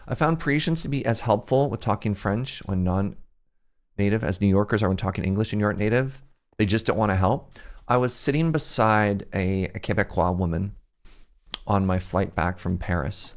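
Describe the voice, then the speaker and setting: Casually chatting on a gaming livestream, this young man from Canada rambles and frequently laughs at himself. He speaks at normal speed with a fairly low pitch.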